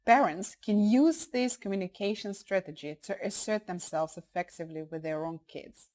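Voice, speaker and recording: Calm woman teaching parenting skills. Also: medium pitch, normal speed, low-quality recording. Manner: calm, explanatory, emphatic on key points. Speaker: parenting instructor. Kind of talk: instructional course narration.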